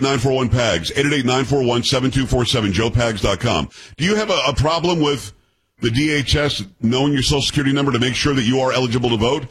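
A man in his sixties hosts a political call-in radio show with a blunt, combative and sarcastic delivery. His voice has a rough, husky grain, and his pitch sits in an ordinary middle range for a man. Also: fairly bright tone. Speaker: radio talk show host. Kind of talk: political talk radio monologue.

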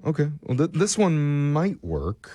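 A man's voice: on the high side, measured pace, dry recording. Playful radio prank caller, man. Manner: playful, deadpan fake producer patter. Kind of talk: morning radio prank call.

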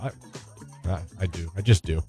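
A man's voice: sits low, moderate pace, warm tone, faint music behind. A man hosting a radio morning show, bantering in a casual, joking and emphatic way.

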